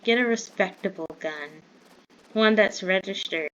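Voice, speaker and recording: A gamer woman from the American South rambles along while playing Minecraft, startling easily. Her voice is medium-pitched, unhurried and a bit bright, though the recording is muffled.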